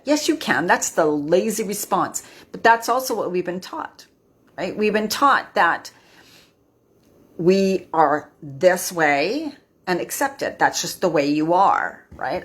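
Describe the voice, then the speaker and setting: A woman's voice: mid-range voice, sing-song, a little slow, a bit bright, breathy edge. A woman in her fifties giving an earnest motivational talk on a live stream, often ending her points with a questioning "right?". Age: 50s. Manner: earnest, tags lines with "right?". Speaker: midlife wellness host.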